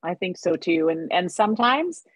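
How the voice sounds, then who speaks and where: A woman speaking as a guest in a casual podcast conversation, upbeat and energetic, acting out other people's reactions as she talks. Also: on the low side, moderate pace, breathy edge, dry recording.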